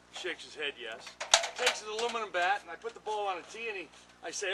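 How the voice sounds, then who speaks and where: An older man and retired pitcher, an interviewee who tells casual stories in an animated way and acts out what other people said. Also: fast talker, heavy background noise. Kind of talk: casual anecdotal storytelling. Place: home bat workshop.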